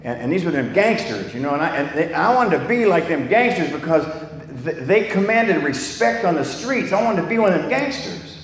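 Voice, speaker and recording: A man's voice: a little high, animated, brisk. An older man from California telling his life story in a blunt, candid way, swearing freely and often restarting his sentences. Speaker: speaker sharing a recovery story. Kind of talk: personal testimony talk. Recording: echoey hall, long reverb, faint noise.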